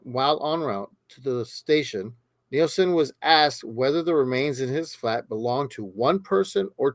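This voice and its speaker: A man's voice: medium pitch, dry recording. A man hosting a true crime podcast, reading the case aloud steadily with small stumbles and casual asides.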